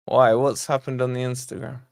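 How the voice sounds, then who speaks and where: A man's voice: mid-range voice, flat delivery, brisk, clear, resonant tone, dry recording, studio quality. A young man hosting a live football watch-along, ranting and exasperated as he reacts to his chat. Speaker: fan channel host.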